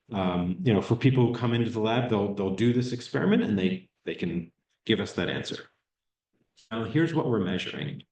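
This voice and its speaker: A man's voice: on the low side, a little mellow, reverberant, poor audio. A man giving a talk to a hearing loss support group, explaining research in an easygoing way and often checking in with "right?". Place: meeting room.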